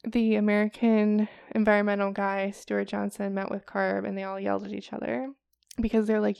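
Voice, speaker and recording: A woman's voice: mid-range voice, completely flat delivery, unhurried, vocal fry, darkish tone, clean tone, dry recording, clean studio sound. A woman co-hosting a podcast, telling a story in casual chat, chatty and laughing often as she acts out quotes. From Chicago. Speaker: podcast co-host.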